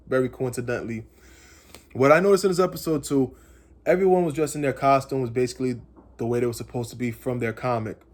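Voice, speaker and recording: Male, medium pitch, loose speculative fan recap with lots of repetition. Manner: rambling, speculative, repeats phrases. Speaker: comics channel host. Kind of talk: casual episode recap and theorizing.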